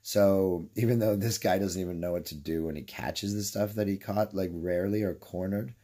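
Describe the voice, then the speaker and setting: Canadian man, lower voice, loose profane vlog storyteller who drifts into tangents. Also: fairly even intonation, normal speed, mellow. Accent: Canadian English. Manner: swears freely, drifts off on tangents, laughs mid-story. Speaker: vlogger. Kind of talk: rambling casual storytelling.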